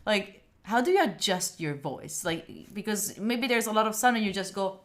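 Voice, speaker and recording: A woman's voice: mid-range voice, lively intonation, moderate pace. A woman host with an Italian accent, curious and asking questions in casual chat. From Italy.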